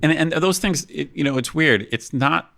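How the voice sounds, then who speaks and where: A man's voice: on the high side, moderate pace, creaky, pushed and bright. A man co-hosting a casual podcast, talking in a thoughtful, hesitant way with many restarts. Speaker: podcast co-host.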